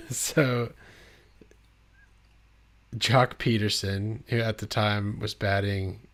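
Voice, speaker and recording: A man with a somewhat low voice joins a relaxed podcast chat. He recounts lines he heard on game broadcasts in a calm, steady way and laughs along with the others. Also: extremely slow. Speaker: podcast co-host. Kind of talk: casual chat.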